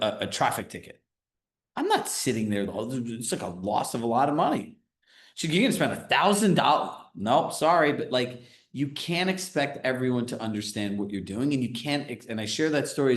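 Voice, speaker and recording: A man coaching a group live on a video call, talking in a casual, energetic way and often checking in with "right?". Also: mid-range voice, roomy sound. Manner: energetic, conversational, filler-heavy with frequent "right?". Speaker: real estate business coach.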